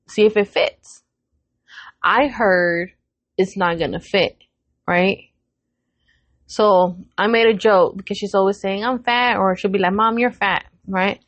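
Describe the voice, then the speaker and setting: A woman in her thirties co-hosting a podcast recounts a family story in casual chat, acting out each person's lines with animation and plenty of swearing. Her voice is mid-range, and the recording is dry with dull audio.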